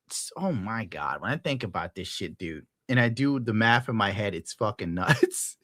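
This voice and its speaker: A man talks casually on a livestream, rambling and swearing as he reacts to chat. His voice is bright and forceful. The sound is dry and close, with no room echo. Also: on the low side, animated, moderate pace. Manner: profane, rambling, laughs often. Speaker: livestreamer reading chat messages.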